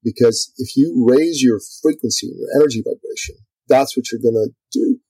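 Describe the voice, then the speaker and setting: A man guest on an interview, a business coach telling a story in an energetic, conversational way. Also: medium pitch, a little fast, slightly rough, dry recording, low-quality recording. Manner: energetic, lively storyteller, acts out quotes.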